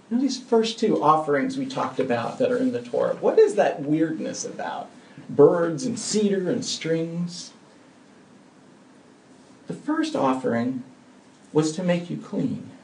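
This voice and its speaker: Male pastor preaching, emphatic, slightly high gravelly voice; distant mic in a roomy church. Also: a little hiss or hum. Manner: earnest, emphatic, swings between soft and loud. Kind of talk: sermon with closing prayer.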